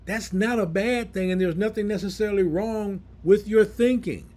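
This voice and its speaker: Animated high-voiced male preacher. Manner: explains scripture verse by verse in plain words. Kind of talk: Bible teaching sermon.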